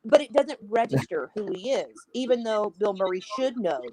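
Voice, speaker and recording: A woman's voice: medium pitch, moderate pace, rough recording. A woman chatting casually about a film on a podcast, acting out the characters' lines as she retells scenes. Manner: animated, acts out quoted lines. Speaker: podcast guest.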